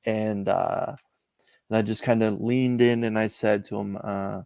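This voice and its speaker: Man, middle-aged, from Canada, gravelly voice, dry close sound, reflective storytelling. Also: fairly low pitch, steady tone, darkish tone, no room sound. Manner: measured, reflective storytelling with frequent "uh" pauses. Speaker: interview guest, comic collector. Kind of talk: casual storytelling interview.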